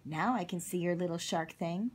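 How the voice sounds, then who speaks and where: A woman's voice: on the low side, moderate pace, darkish tone, a little hiss or hum, close to an everyday voice. A woman voicing a blunt, folksy cowboy man with a drawl in a storybook read-aloud. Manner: drawling, plain-spoken, says ain't and dang.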